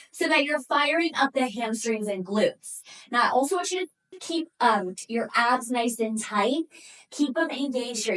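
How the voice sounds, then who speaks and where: A Pilates instructor gives workout instruction, coaching and counting down reps as she exercises and breathes heavily. She has a high, slightly bright voice. She is recorded at a distance from the mic.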